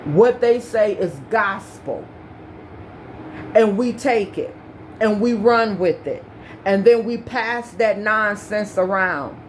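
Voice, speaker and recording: A woman's voice: medium pitch, slow, a little hiss or hum. A woman giving an emphatic opinion rant to the camera, full of repeated points and rhetorical questions. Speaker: commentary vlogger.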